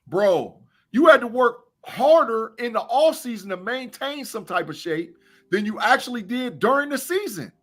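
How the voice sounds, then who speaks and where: A man's voice: very high voice, lively intonation, moderate pace, a bit bright. A man co-hosting a sports podcast, a former college football player talking emphatically and repeating his points. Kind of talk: casual sports chat.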